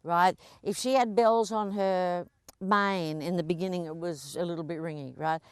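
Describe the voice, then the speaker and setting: A woman's voice: on the low side, steady tone, normal speed, clear, resonant tone, no room sound. A woman riding instructor coaching a rider through a lesson at a horse arena, chatty and encouraging, with frequent laughs.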